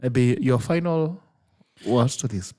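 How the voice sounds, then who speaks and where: A man's voice: medium pitch, slow pace, warm tone. A Kenyan man hosting a casual talk show, switching between English and Swahili and laughing often. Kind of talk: casual chat, reading viewer comments.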